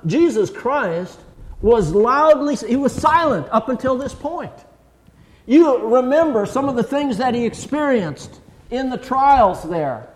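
A man preaching a sermon, dramatic, slowing down and rising for emphasis. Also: high-pitched, darkish tone, in a large hall. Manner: dramatic, slows and rises for emphasis. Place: church.

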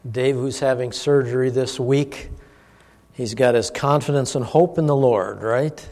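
A middle-aged man, a pastor, giving an informal sermon, telling a personal story in a folksy, animated way with chuckles. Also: medium pitch, measured pace. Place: church hall. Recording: long church-hall reverb.

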